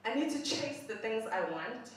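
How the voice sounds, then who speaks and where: With a fairly high voice at a moderate pace, a young South African woman recounts a comic story about herself, animated and mocking her own antics while laughing. The recording has a little hiss or hum, a very echoey room, and a distant mic.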